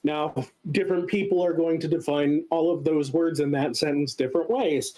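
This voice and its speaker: A man with a fairly high voice walks listeners through a theory in a casual lecture. He talks in a loose, explanatory way and fills his pauses with ums and uhs. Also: fairly even intonation, dark tone, low-quality recording. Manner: explanatory, many filler sounds. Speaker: guest speaker.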